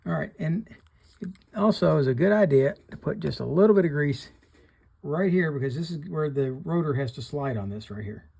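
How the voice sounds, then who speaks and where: A man's voice: fairly high pitch, lively intonation, normal speed, creaky, a little mellow, slightly rough. A middle-aged man hosting a hands-on repair tutorial, plain-spoken, talking through each step while he works. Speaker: fishing reel repairer hosting a channel.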